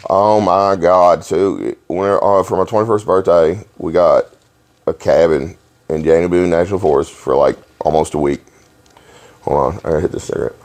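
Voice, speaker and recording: A man hosting a podcast, telling rowdy stories in a profane, animated way and laughing along. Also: sits low, moderate pace. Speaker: podcast host. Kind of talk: casual storytelling chat.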